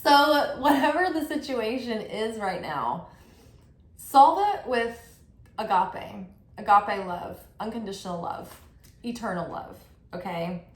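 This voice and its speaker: A woman giving a casual spiritual tarot reading, animated and chatty, full of affirmations and frequent "like". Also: mid-range voice, slow, a little hiss or hum. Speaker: tarot reader. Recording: roomy echo.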